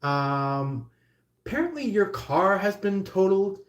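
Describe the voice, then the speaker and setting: A man's voice: high voice, big pitch swings, roomy sound, dull audio, voice pushed up. Man putting on a pushy insurance phone agent. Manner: rambling, fast, piling up "and"s.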